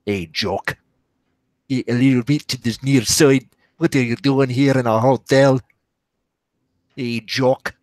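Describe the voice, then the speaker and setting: A man's voice: medium pitch, steady tone, takes it slowly, long pauses, no echo, studio quality, voice pushed up, natural voice. A Canadian man voicing a brash Scottish man in a hotel, hollering in a put-on Scottish accent. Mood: teasing.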